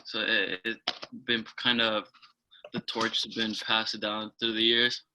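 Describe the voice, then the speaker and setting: A young man introducing himself on a video call, hesitant and full of pauses. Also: on the low side, noisy background. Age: young adult. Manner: hesitant, many ums, slow and flat. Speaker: incoming student.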